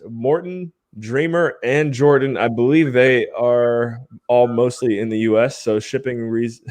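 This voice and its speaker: A man's voice: medium pitch, darkish tone. A man hosting a live podcast stream, chatting casually in an upbeat way and laughing often. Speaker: podcast host.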